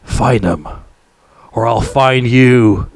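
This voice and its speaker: Brief: man doing a quick impression of a hard action-hero soldier, clipped and menacing, mid-pitched, dry. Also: gravelly, no echo. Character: grim male action hero soldier, terse.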